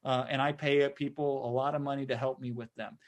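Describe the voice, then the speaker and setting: A man's voice: medium pitch, level tone, brisk. A middle-aged man hosting a sales webinar, talking conversationally and often tagging sentences with "right?". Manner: conversational, frequent "right?" tag questions. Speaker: webinar host and marketing consultant.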